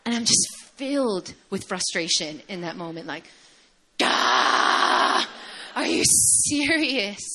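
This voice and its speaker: A young woman preaching a sermon in a conversational, animated storytelling manner. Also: medium pitch.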